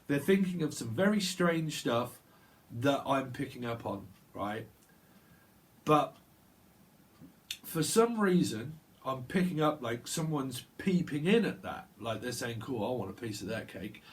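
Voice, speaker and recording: A man giving a solo tarot reading, talking in a loose stream of consciousness, repeating sounds and laughing to himself. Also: mid-range voice. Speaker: tarot reader. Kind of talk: rambling intuitive tarot monologue. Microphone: solo video recording.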